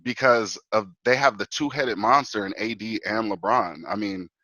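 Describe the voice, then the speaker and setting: Male guest, lively fan talk, bright voice, dry close mic. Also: lowish voice, normal speed, no room sound, rough recording. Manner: animated, fan talk full of "bro" and "man". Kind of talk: casual sports talk.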